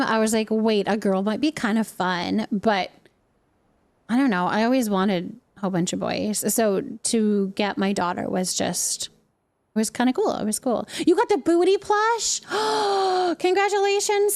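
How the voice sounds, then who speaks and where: Unhurried and a little mellow, this medium-pitched woman is a mother in her thirties who livestreams. She plays a game while chatting casually with her viewers, laughing often.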